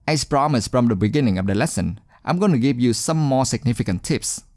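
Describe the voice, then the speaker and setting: Man, exam-prep teacher, scripted lesson narration, encouraging, emphatic, middle pitch. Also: animated, a little mellow, dry recording, studio quality. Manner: encouraging, deliberate, emphatic stress on key words.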